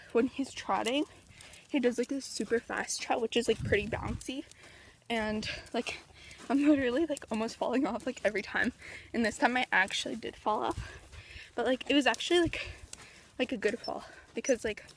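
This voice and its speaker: A woman's voice: fairly high pitch, moderate pace, pauses often, slight background noise. A woman chatting casually in a riding vlog, filling her talk with "like" and coaxing her horse along as she rides. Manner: chatty, full of "like" fillers. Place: outdoors at a barn, on horseback.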